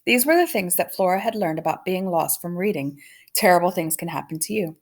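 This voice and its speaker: A woman reading a children's novel aloud in a gentle, measured storytelling manner. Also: fairly low pitch, lively intonation.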